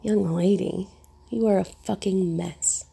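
A woman voicing a stern, dominant man in a whispered role-play, speaking slowly in a low, gravelly way. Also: fairly even intonation, mellow, heavily acted. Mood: mocking. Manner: slow, deliberate, commanding.

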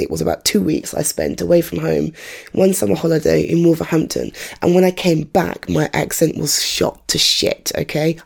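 A woman from North London with an English accent that has drifted from how she grew up, chatting in a rambling, self-deprecating way on a home recording setup; her voice sounds rough today. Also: lowish voice, mellow. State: rough, off-colour voice. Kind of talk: casual chatty monologue.

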